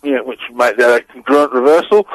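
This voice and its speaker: A man's voice: medium pitch, a little fast, no room sound, poor audio. A man appearing as a radio guest, explaining audio clips in a hesitant, amused way with many fillers. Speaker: guest analyst.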